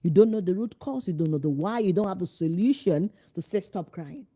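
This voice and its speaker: Woman, parenting coach; warm, mellow tone; emphatic, direct, asks the listener questions. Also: on the low side, expressive, fairly quick. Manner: acts out parents' and children's lines in changed voices. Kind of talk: instructional talk to parents.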